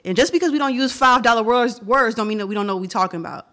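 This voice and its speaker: A woman co-hosting a podcast in casual chat, animated and indignant, sometimes reading quotes aloud. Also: on the high side, very fast. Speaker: podcast co-host.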